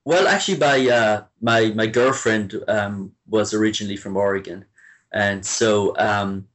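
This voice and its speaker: Hesitant Irish man, lowish voice. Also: a little slow, a bit bright. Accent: Irish, softened by years abroad. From Ireland, Limerick. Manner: hesitant, many restarts and fillers, chuckling. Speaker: guest. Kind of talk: casual interview chat.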